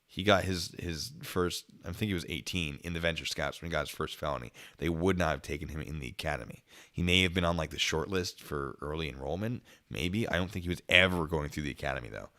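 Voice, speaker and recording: A man's voice: extremely low pitch, fast talker, bright, forceful tone. A man hosting a casual livestream, reading viewer comments aloud in a chatty, jokey way with frequent giggles. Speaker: channel host.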